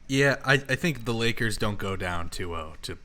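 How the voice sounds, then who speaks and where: A man's voice: on the low side, expressive, moderate pace, bright, forceful tone. A man co-hosting a casual sports betting podcast, blunt and confident, swearing freely as he makes his picks. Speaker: podcast co-host.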